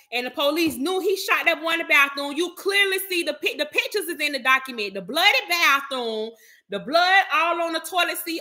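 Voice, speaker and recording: A woman vlogger in casual gossip chat, animated and chatty, talking straight to her viewers and calling them child, baby and honey. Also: sits high. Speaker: vlogger host.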